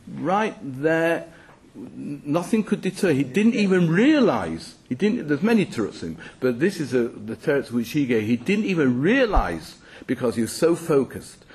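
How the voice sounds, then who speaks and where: Husky man giving a sermon. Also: mid-range voice. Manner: animated storytelling, halting restarts. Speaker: rabbi teaching.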